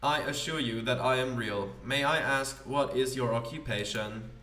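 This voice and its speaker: A man's voice: mid-range voice, bright, forceful tone, echoey room, far from the mic, close to an everyday voice. A man reading as a polite formal automaton. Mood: earnest. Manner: formal, measured, plain delivery. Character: polite earnest male automaton.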